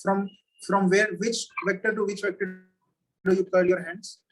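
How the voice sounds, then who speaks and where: A man with a high, slightly husky voice tests a student over a video call. He talks patiently, repeats each question slowly and checks every step. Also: level tone, rough recording. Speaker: physics teacher. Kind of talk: online oral exam questioning.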